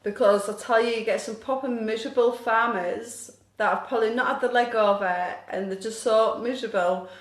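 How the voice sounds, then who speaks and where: A woman's voice: fairly high pitch, fairly even intonation, a little fast, hardly any pauses. A woman chatting casually on a live stream, reading viewer comments aloud and answering questions about her hobby in a self-deprecating, apologetic way. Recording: echoey room.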